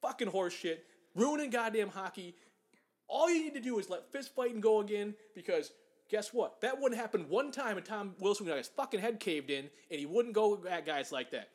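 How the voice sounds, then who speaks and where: High-voiced man ranting angrily. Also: expressive, moderate pace. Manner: angry, profane ranting, mocking put-on voices. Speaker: podcast co-host. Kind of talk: casual chat, profane sports rant.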